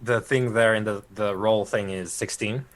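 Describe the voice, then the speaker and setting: A man's voice: on the low side, steady tone, moderate pace, crowd noise. A man playing in a tabletop game, chatting casually and often laughing between remarks. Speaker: player. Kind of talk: casual chat.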